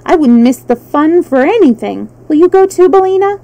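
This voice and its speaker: A woman's voice: high voice, expressive, warm tone, dull audio, pitched above the performer's own voice. A woman voicing an eager, curious young girl in a storybook reading. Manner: eager, quick.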